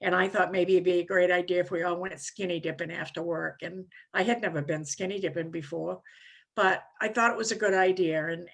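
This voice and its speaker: A woman in her seventies, from Maine, telling her own recovery story to a conference crowd. She rambles along in a loose, conversational way, filling gaps with "you know". She pokes fun at herself in a mid-pitched voice. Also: a bit bright. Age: 70s. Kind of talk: personal recovery story talk.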